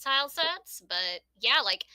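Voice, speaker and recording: A woman in a casual group voice call, chatting excitedly and laughing about a collectible she got in the mail. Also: sits high, a little slow, smooth, no room sound, rough recording. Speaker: book club member.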